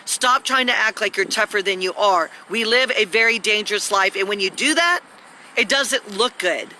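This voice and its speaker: A woman's voice: mid-range voice, moderate pace, pushed and bright, a little hiss or hum. A woman rambling and scolding through a live video at home, recorded on a phone. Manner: agitated, scolding, talks in long rambling runs.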